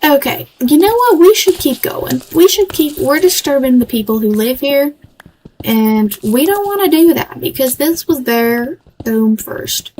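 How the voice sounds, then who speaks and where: Young woman streamer, put-on Southern drawl, high voice, rambling chatty gameplay talk. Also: big pitch swings, unhurried, a little mellow, a little hiss or hum, low-quality recording. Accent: put-on Southern US country accent. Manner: rambling, chatty, easily sidetracked. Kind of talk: live gameplay chat. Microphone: desk microphone.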